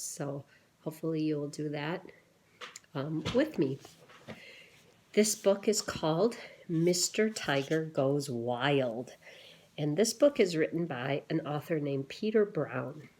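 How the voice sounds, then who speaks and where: Low-voiced teacher lady reading a picture book to kids, slow and gentle, stops to ask questions. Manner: gentle, pauses to ask children questions and wonder aloud.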